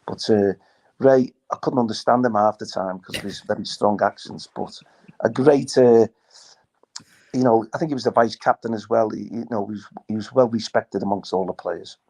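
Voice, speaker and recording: An older former footballer spins anecdotes in a relaxed live chat. His low voice is gravelly and a little husky, and he slips into the voices of people he quotes. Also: normal speed. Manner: storytelling with acted quotes.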